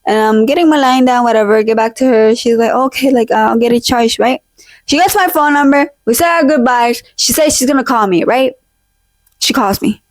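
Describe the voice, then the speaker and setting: A woman's voice: sits high, expressive, moderate pace, no room sound. A young woman hosting a casual vlog, telling a story in a chatty, slangy way and dropping in Spanish phrases, recorded on a poor home mic she sometimes drifts away from. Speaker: podcast vlog host. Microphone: handheld or desk mic, drifts off it.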